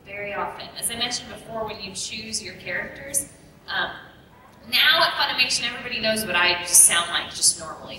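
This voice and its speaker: A woman with a slight Texas drawl speaks in a mid-range voice on a convention panel, chatty and animated with playful asides. She is heard from a distance in a very echoey hall with a clear hum of noise behind her. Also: fairly low pitch. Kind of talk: panel Q&A answering audience.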